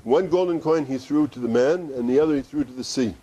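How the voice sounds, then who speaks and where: A man's voice: medium pitch, fast, mellow, lo-fi sound. A man teaching and telling a story in a conversational way, with asides and restarts. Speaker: Sufi teacher. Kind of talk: storytelling discourse. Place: study center.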